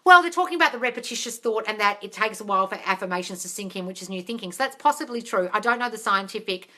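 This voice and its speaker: A young woman chatting casually on a livestream, answering viewer questions, excitable and swearing freely. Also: mid-range voice, fast. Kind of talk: casual live chat.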